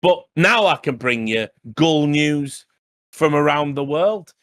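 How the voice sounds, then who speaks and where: A man's voice: fairly high pitch, animated, takes it slowly, a bit bright, no room sound. A man co-hosting a casual podcast, reading news stories aloud and breaking in with chatty asides. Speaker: podcast co-host.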